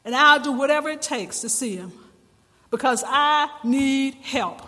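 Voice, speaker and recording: A man's voice: very high voice, expressive, a little slow, pushed and bright, heavily acted. A man voicing a desperate mother who pleads and cries out for help, within a sermon. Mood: pleading. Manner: pleading, crying out. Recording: long reverb in a large hall.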